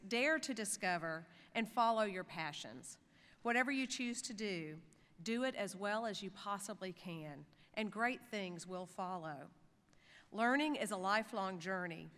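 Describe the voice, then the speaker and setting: A woman delivers a formal commencement speech from a podium, her voice bright and forceful. The sound comes through a PA system and carries a long reverb across a large hotel ballroom. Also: mid-range voice. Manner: formal, encouraging, turns lively and playful with the crowd. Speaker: university chancellor addressing graduates.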